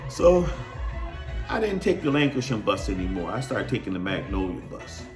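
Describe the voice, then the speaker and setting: A man casually telling a personal story, acting out scenes with lively sound effects. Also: fairly low pitch, moderate pace, echoey room, over music. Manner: animated, acts out scenes.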